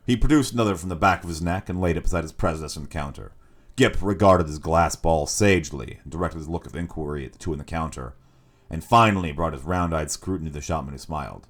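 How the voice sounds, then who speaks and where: A male streamer reading a story aloud in an expressive, measured storytelling manner. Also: very deep voice. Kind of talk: scripted narration.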